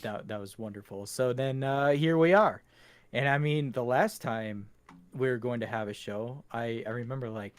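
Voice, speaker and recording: A man's voice: medium pitch, normal speed, clean tone, no echo. A man co-hosting a gaming podcast in casual chat, rambling and laughing often. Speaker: podcast co-host. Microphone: home computer setup.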